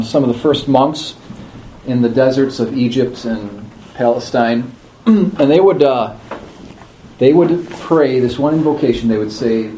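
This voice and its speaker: A man explaining liturgy to a group in a conversational, teaching way, checking in with his listeners and slowly sounding out chanted words. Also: medium pitch, mellow, slight background noise, rough recording. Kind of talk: informal class talk.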